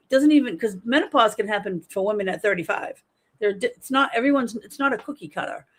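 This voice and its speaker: A middle-aged woman hosting a casual livestream, chatting and reading viewer comments aloud in a lively, talkative way. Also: mid-range voice. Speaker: livestream host.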